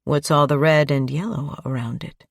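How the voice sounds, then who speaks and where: A woman voicing a gentle, soft-spoken male priest in an audiobook, often dropping to a whisper. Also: sits low, fairly even intonation, normal speed, no room sound.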